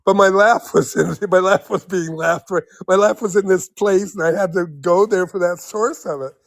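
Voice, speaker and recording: A man's voice: high-pitched, moderate pace, vocal fry, no echo, clean studio sound. A man in his seventies telling stories as an interview guest, rambling with many restarts and frequent laughs. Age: 70s. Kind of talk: casual storytelling in an interview.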